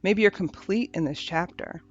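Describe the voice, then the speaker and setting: Gentle reflective woman, lo-fi audio. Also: on the low side, breathy edge. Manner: gentle, unhurried, repeats phrases for rhythm. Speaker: podcast host. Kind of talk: reflective spiritual monologue. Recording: dull lo-fi audio with faint music.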